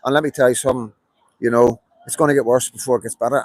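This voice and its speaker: A man's voice: medium pitch, fairly even intonation, rapid-fire, dry recording, soft background music, poor audio. A middle-aged man with a Belfast accent, streaming a rambling live monologue, emphatic and repetitive with many fillers. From Belfast, Northern Ireland. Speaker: livestreamer.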